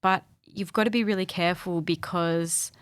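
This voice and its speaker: A young Australian woman speaking candidly as a podcast guest, thoughtful and halting, often restarting her sentences. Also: lowish voice, steady tone, clean tone, no echo. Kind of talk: candid personal conversation.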